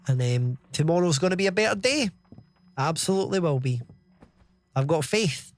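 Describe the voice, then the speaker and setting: A man's voice: fairly high pitch, expressive, moderate pace. Chatty Scottish man in his thirties. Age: 30s. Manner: chatty, reads chat aloud, swears casually. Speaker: game streamer. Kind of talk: live gameplay commentary.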